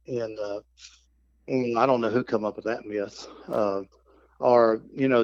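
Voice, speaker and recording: Middle-aged male storyteller, lively yarn-spinner who acts out quotes and calls; mid-pitched, dry and muffled podcast sound. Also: moderate pace, no echo. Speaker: guest, turkey hunting instructor. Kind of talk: casual storytelling. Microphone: podcast microphone. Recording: dull, dry lo-fi podcast audio.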